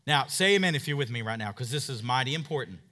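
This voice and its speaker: A man in his thirties preaching a sermon as pastor, emphatic, calling out for amens from the congregation and swinging from quiet asides to loud, driving points. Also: mid-range voice, expressive, quick pace.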